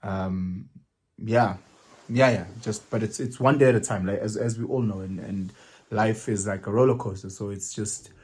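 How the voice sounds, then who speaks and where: A man's voice: on the low side, steady tone, moderate pace, darkish tone, husky. A man, talking through a reflective personal monologue and slipping local words into his English as he thinks aloud. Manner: musing, mixes isiZulu words into English, hesitant restarts. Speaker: vlogger.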